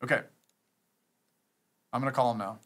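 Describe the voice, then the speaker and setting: A man's voice: medium pitch, steady tone, normal speed, a bit bright. A man hosting a live stream, chatting casually and reading out thanks to supporters. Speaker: streamer scambaiting host.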